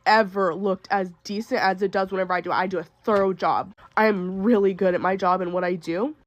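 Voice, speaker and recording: A young woman rants through a venting storytime, exasperated and upset while feeling sick. Her voice is close and dry with no room around it. She talks in quick, indignant bursts. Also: mid-range voice, no room sound. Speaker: retail worker.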